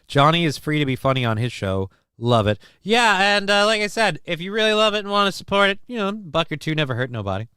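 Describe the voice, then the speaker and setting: A man's voice: on the high side, very animated, quick pace, few pauses, pushed and bright, smooth, no room sound, clean studio sound. A man hosting a casual live-stream show, reading chat messages aloud and riffing on them in a crude, joking, rambling way.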